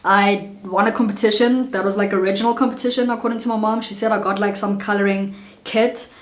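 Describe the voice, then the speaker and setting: A South African woman in her late twenties, chatting casually and warmly as a vlogger, telling childhood stories with lots of asides to viewers. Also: mid-range voice, steady tone, fast, echoey room, a little hiss or hum. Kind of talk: casual get-to-know-me storytelling.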